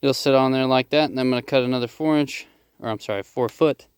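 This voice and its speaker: A man casually explaining a DIY job as he works outdoors, rough-spoken, swearing freely and joking at his own expense. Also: medium pitch, steady tone, quick pace, no echo, clean studio sound. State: out of breath at times. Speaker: DIY vlogger. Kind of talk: casual how-to narration while working outdoors. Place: outdoors at a digging site.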